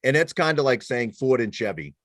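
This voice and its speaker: A former police officer and military veteran appears as a guest in a casual podcast conversation, telling stories animatedly and poking fun at himself with many restarts. His mid-range voice moves briskly, and the sound is dry and close with no echo.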